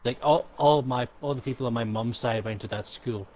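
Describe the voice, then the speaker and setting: A man's voice: medium pitch, fairly quick, a little mellow, a little hiss or hum, rough recording. A young man co-hosting a casual podcast chat, rambling and jokey, swearing often. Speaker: podcast co-host.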